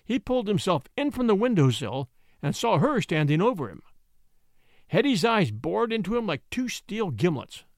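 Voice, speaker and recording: Animated, high-voiced male story narrator. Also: normal speed, no echo, studio quality. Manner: expressive, animated reading.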